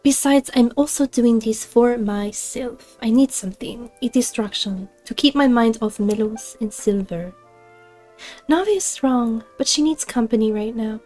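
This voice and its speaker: A woman's voice: a little high, measured pace, warm tone, faint music behind, natural voice. A woman reading as resolute noblewoman Navia, mock French. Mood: determined. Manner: earnest read-along of game dialogue. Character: grieving but resolute young noblewoman.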